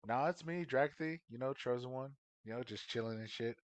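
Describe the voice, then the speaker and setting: A man's voice: mid-range voice, brisk, lightly acted. A man voicing a laid-back, overconfident male hero who talks in casual slang.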